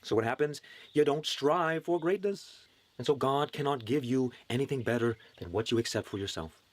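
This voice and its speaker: A man's voice: medium pitch, normal speed, dry recording. A man giving a motivational spiritual talk, preachy and earnest, with wry asides.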